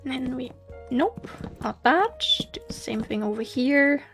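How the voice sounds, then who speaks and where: A woman's voice: high-pitched, expressive, unhurried, soft background music. A woman with a slight German accent, thinking aloud as she hosts a casual gameplay commentary, musing and hesitant. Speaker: let's play host.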